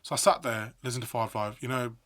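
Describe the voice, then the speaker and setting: A middle-aged man, a guest on a podcast telling a story in a lively chat, acting out quoted voices. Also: medium pitch, fast. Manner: animated storyteller, acts out quotes. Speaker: podcast guest, sports broadcaster.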